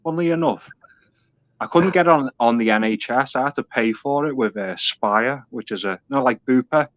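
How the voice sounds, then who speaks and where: A man's voice: medium pitch, moderate pace, dry recording, muffled recording. A man from Merseyside with a Scouse accent, chatting casually with local slang. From Merseyside, England. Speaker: guest. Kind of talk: casual chat.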